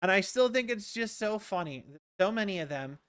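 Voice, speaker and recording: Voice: mid-range voice, animated, brisk, fairly bright tone, no echo, studio quality. A streamer from the rural United States chatting casually and rambling while playing a game, full of "like"s and restarts. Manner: rambling, many "like"s and restarts, amused.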